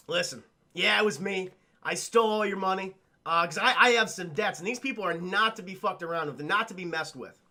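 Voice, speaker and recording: Animated, high-voiced man recapping a film. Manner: animated, profane, laughs often, acts out quotes. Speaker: film reviewer and streamer. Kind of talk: casual livestream film recap.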